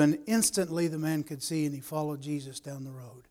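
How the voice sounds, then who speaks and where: A man preaching a sermon, dropping to quiet asides and rising to emphatic, raised passages. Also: a little high, a little fast.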